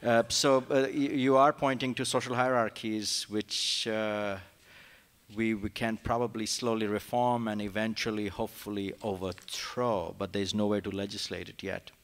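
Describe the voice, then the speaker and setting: Low-voiced man with an Indian accent. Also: little pitch movement, moderate pace, fairly bright tone, smooth. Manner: hesitant, many fillers and restarts. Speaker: panelist. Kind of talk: academic panel response. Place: conference hall.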